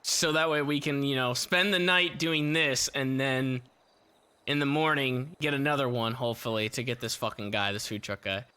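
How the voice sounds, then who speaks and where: A man's voice: medium pitch, fairly even intonation, normal speed, sharp tone, smooth. A man streaming a role-play game, commenting in an exasperated way, swearing and laughing.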